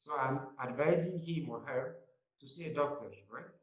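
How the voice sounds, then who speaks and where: A man's voice: on the high side, a little fast. Guy teaching grammar, keeps asking right?, muffled roomy sound. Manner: repeats points and checks with "right?". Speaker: college English lecturer. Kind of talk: classroom lecture. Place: classroom. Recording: echoey muffled classroom recording.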